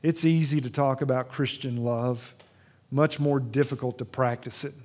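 A man preaching a sermon in a church, retelling a Bible story with dramatic swings between loud emphasis and hushed tenderness. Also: medium pitch, fairly even intonation, moderate pace. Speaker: pastor.

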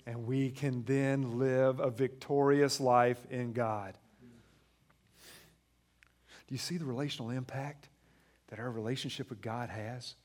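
Preaching a sermon, a thirty-something pastor swings between soft, low stretches and loud, emphatic moments, voicing family conversations as he goes.

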